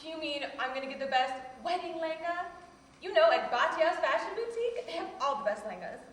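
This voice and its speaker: An actress playing a dreamy, animated young woman about to marry. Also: extremely high pitch, fast talker. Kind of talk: stage acting. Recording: echoey hall recording from far off.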